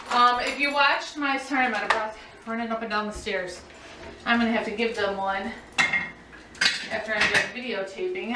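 A middle-aged woman vlogging at home and answering viewer questions in a casual, chatty way, laughing often and filling pauses with ums. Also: fairly high pitch, bright, forceful tone, distant mic, a little hiss or hum. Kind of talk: casual chat. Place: home room. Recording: roomy echo, voice a bit off-mic.

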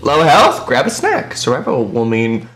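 A man giving excitable, jumpy let's play commentary while playing a horror game, quick to shout and laugh. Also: medium pitch, reverberant, soft background music.

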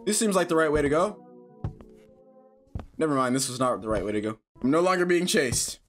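A man's voice: on the high side, animated, brisk. A young man chatting casually through a horror game, joking with nervous bravado. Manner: jokey, nervous bravado, shouts when startled. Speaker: gaming YouTuber. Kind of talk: casual let's-play commentary. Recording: music playing behind.

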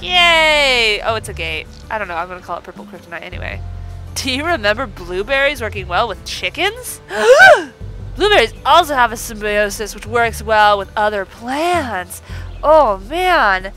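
A woman's voice: mid-range voice, sing-song, moderate pace, fairly bright tone, faint music behind, rough recording. A woman hosting a let's play, giving bubbly, chatty commentary and talking to the game as she plays. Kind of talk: casual gameplay commentary.

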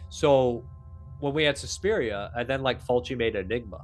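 A man's voice: medium pitch, moderate pace, faint music behind. A man hosting a podcast, talking in a rambling, profane, laughing way. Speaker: podcast host. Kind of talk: casual chat.

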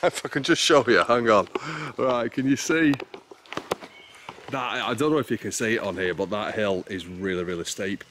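This wild camping vlogger, an Englishman, speaks at normal speed in a fairly low voice against background noise. He's casually vlogging outdoors on a rural hillside, breathless, talkative and rambling, cutting himself off as he goes.

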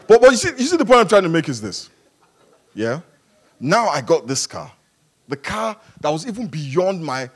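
With a voice that sits high, a male pastor gives a spirited, funny sermon at a church service, his delivery swinging between quiet asides and loud sections.

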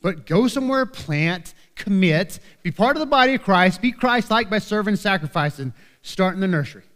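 A man's voice: sits high, lively intonation, a little fast, fairly bright tone, big-room sound. A man preaching a sermon as pastor in a church, talking earnestly and conversationally and often checking in with "right?". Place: church sanctuary.

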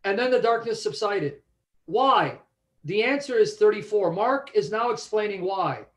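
A man leads a Bible study in a fairly high voice. He is emphatic and keeps quizzing his listeners to make sure they follow. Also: expressive, a little slow, a bit bright. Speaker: Bible teacher.

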